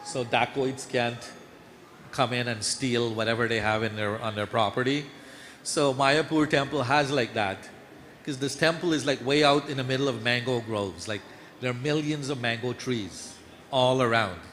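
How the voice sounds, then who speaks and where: Man, storytelling sermon, animated narration, temple hall reverb, faint noise. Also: mid-range voice, normal speed. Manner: lively storyteller, voice climbs when acting out scenes. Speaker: temple speaker telling devotional stories.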